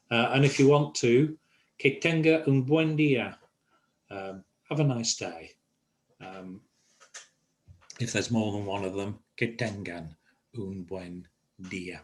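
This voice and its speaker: An older man teaching a Spanish class over a video call, pausing often with fillers. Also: medium pitch. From England. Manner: halting, many fillers. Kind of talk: online language lesson.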